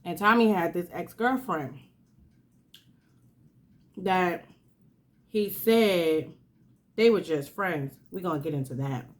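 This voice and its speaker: Slow-talking woman. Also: medium pitch, fairly bright tone. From New York. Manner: chatty, drawn-out storytelling with asides. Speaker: channel host. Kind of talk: casual storytime while eating.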